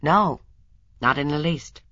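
Storybook, woman playing a blunt male doctor, matter-of-fact, low and husky, muffled sound. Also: slow, pushed and bright, dry recording, full character voice. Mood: frank. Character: brisk male doctor, blunt and self-assured.

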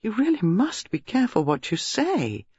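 A man voicing an anxious, apologetic middle-aged woman who speaks softly, in a dull lo-fi recording. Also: high-pitched, wildly swooping pitch, normal speed, breathy edge, no echo, pitched above the performer's own voice, heavily acted. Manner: soft, apologetic.

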